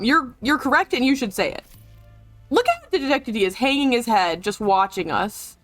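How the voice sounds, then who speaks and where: A woman streaming a video game live, chatting excitably, swearing and joking as she comments. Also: high voice, moderate pace, dry recording, soft background music.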